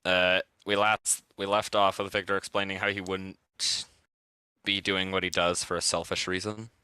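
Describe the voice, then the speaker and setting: A man's voice: low voice, flat delivery, normal speed, pushed and bright, smooth, no room sound. A man running a tabletop game from his laptop, laid-back and joking. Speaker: game master. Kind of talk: casual tabletop narration.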